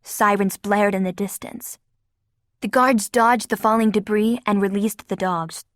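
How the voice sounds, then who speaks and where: A woman's voice: mid-range voice, steady tone, measured pace, no echo, clean studio sound. A woman narrating an audiobook with a vivid, dramatic reading. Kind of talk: scripted narration.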